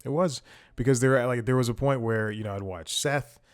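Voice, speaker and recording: A man's voice: medium pitch, brisk. A man hosting a casual comedy recap show, telling stories in a rambling, self-interrupting way. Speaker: host.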